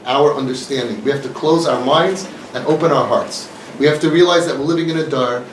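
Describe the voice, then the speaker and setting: A man giving an earnest, emphatic talk to an audience, repeating his points, recorded from a distance. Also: a little high. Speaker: inspirational speaker. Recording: echoey room, mic far off, faint noise.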